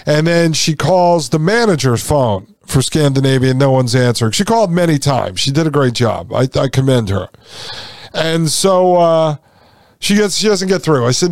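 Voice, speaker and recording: A man's voice: fairly high pitch, animated, moderate pace, no echo, studio quality. A male podcast host rambling casually through a long story, full of fillers and asides.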